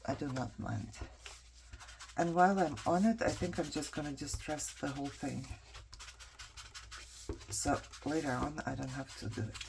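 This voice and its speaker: A woman's voice: low voice, fairly even intonation, normal speed, creaky, long pauses, background noise. A woman vlogger chatting casually to herself as she works on a craft project, trailing off and picking back up. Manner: chatty, talks to herself while working; frustrated venting.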